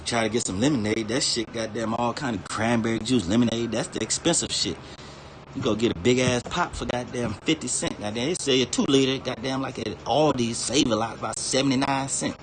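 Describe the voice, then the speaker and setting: A man's voice: medium pitch, fairly even intonation, fairly quick, a little hiss or hum. A man streaming and ranting casually, swearing constantly, laughing now and then, and drifting from topic to topic. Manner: profane, laughs between lines, digresses freely. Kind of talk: casual rambling rant.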